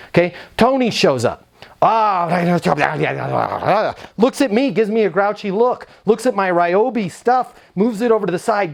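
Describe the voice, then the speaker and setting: High-voiced man telling a story. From United States. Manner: energetic, conversational storytelling. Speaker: sales speaker. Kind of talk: storytelling talk.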